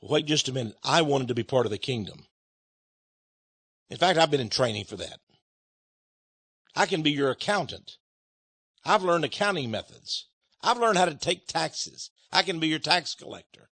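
Preacher doing a stammering eager job-seeker, a bit lower, dry sound. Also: male voice, lively intonation, moderate pace, pauses often, fairly bright tone, breathy edge, no echo, exaggerated voice. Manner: pleading, listing skills with stammers. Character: eager man pitching his job skills.

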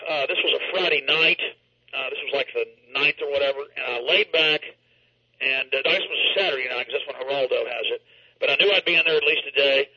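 A man's voice: mid-range voice, brisk, bright, forceful tone, slightly rough. A man telling a story dramatically and emphatically in an interview, over a dull lo-fi line. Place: New York.

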